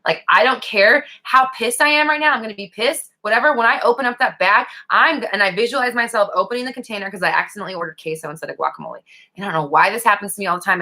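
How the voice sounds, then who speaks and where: A young woman hosting a casual live question-and-answer chat, animated and blunt, swearing freely as she answers viewers. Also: mid-range voice.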